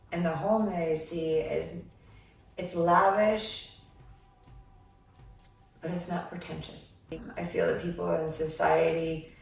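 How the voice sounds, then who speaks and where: A woman's voice: fairly low pitch, creaky. A woman giving a psychic reading, talking in a meandering way with many filler ums. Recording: echoey room, far from mic, faint noise.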